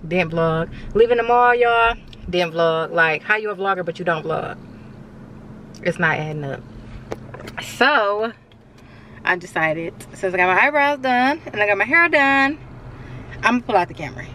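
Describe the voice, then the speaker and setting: A young woman vlogs casually to her viewers, chatty and constantly calling them y'all, first in her car and later at home. Her medium-pitched voice is pushed and bright, moving at normal speed with frequent pauses, recorded on a handheld camera mic with slight background noise.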